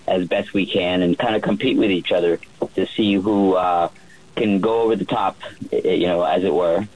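A man who works as a private yacht chef tells stories on a radio show, rambling with plenty of fillers and restarts. His voice is low-pitched and darkish, and the recording quality is low.

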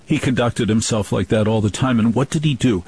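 Husky-voiced blunt talk-radio host. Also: male voice, mid-range voice, brisk, a little mellow, rough recording. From New Jersey. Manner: blunt, digressive storytelling with wry asides. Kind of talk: casual spoken-word radio monologue.

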